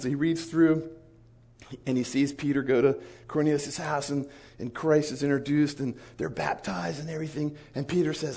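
A man preaching in an animated storytelling sermon, acting out the dialogue of the people in his stories. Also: fairly high pitch, quick pace, vocal fry, breathy edge. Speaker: pastor.

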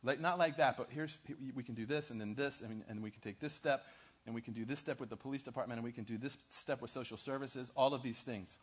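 Male pastor, mid-pitch, animated sermon storyteller. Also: quick pace, slightly rough. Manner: animated, asks the audience questions, acts out dialogue. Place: church.

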